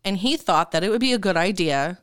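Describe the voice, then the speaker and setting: A woman's voice: mid-range voice, lively intonation, a little fast, a bit bright, clear, resonant tone, no echo, studio quality. A woman co-hosting a podcast, casually retelling a Bible story in a chatty way and laughing often. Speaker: podcast co-host.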